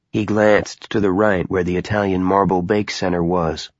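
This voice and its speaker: Low-voiced guy reading an audiobook, steady and somber, dull lo-fi dry sound. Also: normal speed, hardly any pauses, dry recording. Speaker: audiobook narrator. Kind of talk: scripted audiobook narration.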